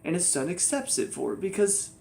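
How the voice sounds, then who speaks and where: A man's voice: high voice, big pitch swings, fairly quick, gravelly, darkish tone. A young man giving a casual spoken TV review, ranting in exasperation and mocking the characters. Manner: exasperated, ranting, mocks characters in quoted voices. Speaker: TV show reviewer.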